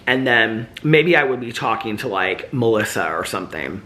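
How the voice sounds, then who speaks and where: A man's voice: on the low side, expressive, moderate pace, pushed and bright. A man vlogger in casual, reflective chat, rambling with lots of "like" and "you know".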